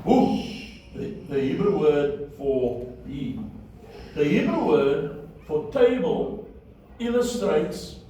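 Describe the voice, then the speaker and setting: A man teaching a Hebrew class, patiently repeating vowel sounds slowly and checking that students follow. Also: fairly high pitch, mellow. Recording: echoey room from far off, faint noise.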